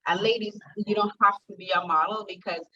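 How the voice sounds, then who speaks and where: Bright-voiced woman from Jamaica, chatty. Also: medium pitch, a little fast. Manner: chatty, animated storyteller. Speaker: confidence coach and plus-size model. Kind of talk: casual interview chat. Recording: distant, muffled video call audio.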